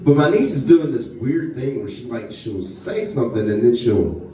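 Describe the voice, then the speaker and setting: A man with a thick North Louisiana drawl works a club crowd with crude, foul-mouthed storytelling, his pitch swinging up and down as he talks. The sound is roomy and echoing, picked up from some distance off the mic, in a comedy club. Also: animated, moderate pace. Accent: North Louisiana Southern. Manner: crude, profane storytelling with frequent asides. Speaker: stand-up comedian. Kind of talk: live stand-up set. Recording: echoey club room, voice from off mic.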